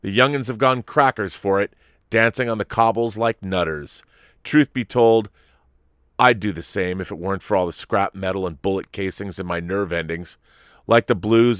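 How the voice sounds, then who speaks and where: A man's voice: low voice, a bit bright, no room sound, clean studio sound. An actor playing a slightly drunk former spy from Liverpool in his fifties, giving a rambling, sardonic, sweary confession with a Liverpool accent in an audio drama monologue. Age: 50s.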